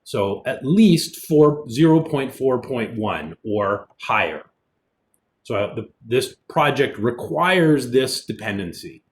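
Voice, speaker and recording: A man, a college instructor, giving a relaxed online programming lecture, explaining as he goes with fillers, with keyboard typing in the background. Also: medium pitch, slow pace. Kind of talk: recorded online lecture with screen demo.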